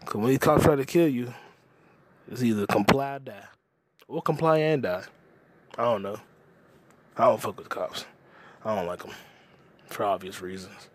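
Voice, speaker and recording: A man hosting a comedy podcast, ranting casually with lots of profanity and quick jumps between topics. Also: mid-range voice, no room sound. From United States. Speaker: podcast host.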